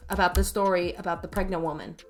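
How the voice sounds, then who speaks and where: A woman's voice: lowish voice, fairly even intonation, fast, faint music behind. A woman, a special needs teacher co-hosting a casual podcast, talking bluntly and cursing freely. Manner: blunt, profane, ranting. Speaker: podcast co-host. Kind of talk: casual chat.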